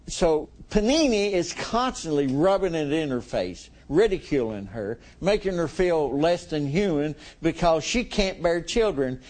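A man's voice: a little high, darkish tone. A middle-aged man preaching a sermon in a folksy way, chuckling with his congregation.

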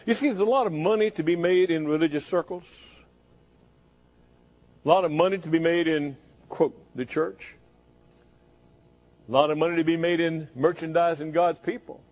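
A man's voice: a little high, a little fast, pauses often, darkish tone. Fervent preacher, man. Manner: fervent, rising to impassioned questioning. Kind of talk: sermon.

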